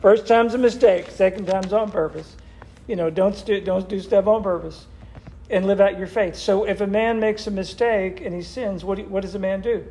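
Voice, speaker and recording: A man's voice: high-pitched, fairly even intonation, moderate pace, a little mellow. A man leading a church Bible study, asking the group questions and repeating their answers back. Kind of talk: interactive Bible study teaching.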